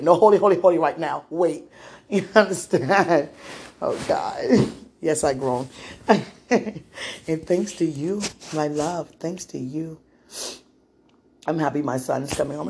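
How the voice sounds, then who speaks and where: A woman with a low, darkish voice, carrying a little hiss or hum, hosts a podcast from home. She's a mother chatting intimately and one-sidedly to a listener, affectionate in tone, laughing often and frequently calling out to God.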